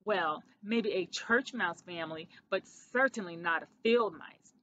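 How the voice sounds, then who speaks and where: A woman's voice: on the low side, a little slow, fairly bright tone, highs cut off, slight background noise. A woman voicing a snobbish, fussy aunt mouse in a children's storybook reading, huffy and indignant. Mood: disdainful.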